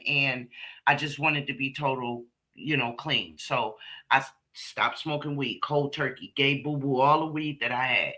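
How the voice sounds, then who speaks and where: Bright-voiced woman telling a slangy story. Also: low voice, unhurried, low-quality recording. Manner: animated, slangy and profane, addresses viewers as y'all. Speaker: live stream host. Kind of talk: casual storytelling to a live chat.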